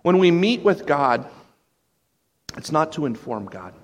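A man preaching a sermon, animated, acting out quoted voices with sudden jumps in pitch. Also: measured pace, dull audio. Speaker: pastor.

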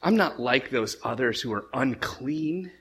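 A man's voice: medium pitch, lively intonation, unhurried, a bit bright, breathy edge, voice pushed down, exaggerated voice. A man voicing an uppity, pipe-smoking male apostle in a mock British accent, pompous and snooty. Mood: haughty.

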